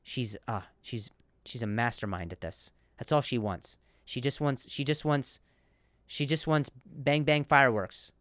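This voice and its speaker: A man in his thirties with a stutter, hosting a comedy podcast and telling stories in animated, repetitive rants. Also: mid-range voice, a little slow, no echo. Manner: stammers and repeats words, animated rants. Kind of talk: comedic monologue.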